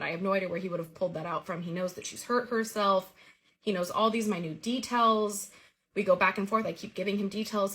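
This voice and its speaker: Woman earnestly telling a dream story. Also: medium pitch. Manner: earnest, vivid retelling with lively quoted dialogue. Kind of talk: personal dream story, told casually.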